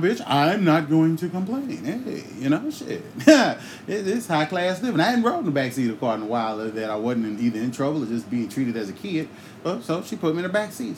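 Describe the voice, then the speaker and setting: Lively profane male storyteller. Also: a little high, a little fast, slight background noise. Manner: profane, animated, with sung asides. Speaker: podcast host. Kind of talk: comic storytelling.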